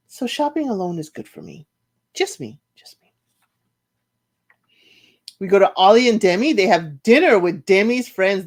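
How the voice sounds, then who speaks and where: A woman hosting a casual reality show recap, animated, laughing and mimicking the cast's lines. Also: lowish voice. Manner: animated, laughs, mimics cast members' quotes.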